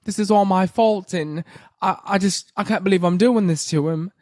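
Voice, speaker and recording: A man voicing a heartbroken English woman singer with an English accent, confessing in a breathy, tearful way. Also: high voice, moderate pace, darkish tone, no echo, clean studio sound, voice pushed up, lightly acted.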